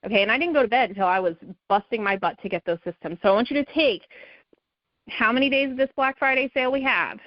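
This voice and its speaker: A woman's voice: a little high, fast, dry recording. Woman hyping up her sales team, punchy and repetitive, dry dull call audio. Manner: emphatic, repetitive, pep-talk, says okay and right a lot.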